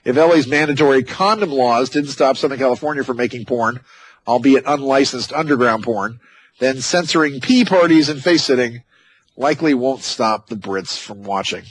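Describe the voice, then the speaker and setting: A man's voice: medium pitch, moderate pace, breathy edge, dry recording, low-quality recording. A man hosting a talk radio show, reading news items and breaking in with sarcastic, mocking asides. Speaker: radio host. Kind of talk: opinionated talk radio commentary.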